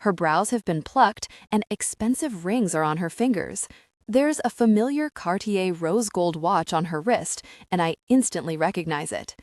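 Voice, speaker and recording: Low-voiced woman narrating a thriller audiobook. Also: animated, moderate pace, a little mellow, dry recording, studio quality. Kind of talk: first-person thriller narration.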